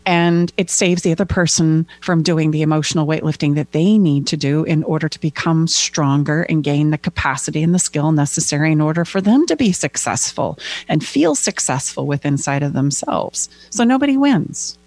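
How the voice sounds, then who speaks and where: A woman's voice: sits low, moderate pace, few pauses, darkish tone, no echo. A woman co-hosting a casual discussion as a relationship coach, explaining her ideas and often tagging her sentences with "right?".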